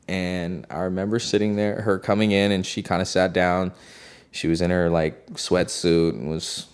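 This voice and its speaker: A man's voice: sits low, a little mellow, clean tone. A man, a music producer, telling a studio story in a loose, slangy way, heavy on "like". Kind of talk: casual storytelling.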